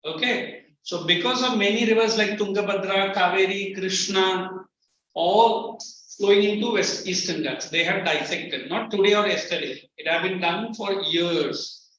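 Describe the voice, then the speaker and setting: A man with an Indian English accent lectures a class, switching between English and Hindi and speaking firmly to his students. His voice is high-pitched and a bit bright, at a normal speed. The classroom recording is distant, echoey and muffled, with faint noise.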